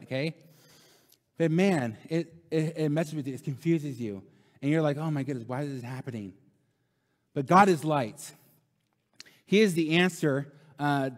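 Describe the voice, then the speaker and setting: Youth pastor guy preaching, kinda high voice, lots of "right? okay?", big church reverb. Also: a little mellow. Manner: conversational preacher, tag questions, repeats lines for emphasis. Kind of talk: sermon. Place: church sanctuary.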